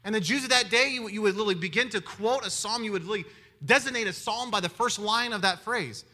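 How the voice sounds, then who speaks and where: A man preaching a sermon in an animated way, firing rhetorical questions at his listeners. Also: sits high, fast talker. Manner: animated, asks the audience many rhetorical questions.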